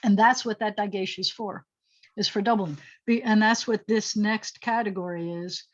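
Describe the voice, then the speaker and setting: A woman's voice: mid-range voice, fairly even intonation, moderate pace. A woman rabbi teaching a Hebrew lesson over a video call, thinking aloud as she writes and correcting herself with chatty asides. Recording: slightly dull video call audio.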